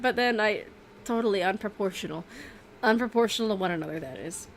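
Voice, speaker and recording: A woman's voice: mid-range voice, lively intonation, fairly quick, fairly bright tone, a little hiss or hum. Chatty rambling woman streamer. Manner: rambling, chatty, many fillers and self-corrections; laughs often. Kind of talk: casual livestream chat.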